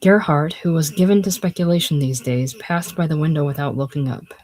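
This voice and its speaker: A casual reader narrating a classic novel aloud in a plain, unhurried way, dropping lower and quieter on speech tags. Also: poor audio. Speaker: audiobook reader.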